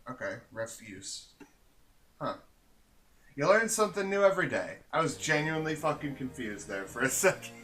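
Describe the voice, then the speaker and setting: A man's voice: on the high side, very animated, moderate pace, sharp tone, poor audio. A young man casually commenting on his own game playthrough, self-mocking and swearing. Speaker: gaming host.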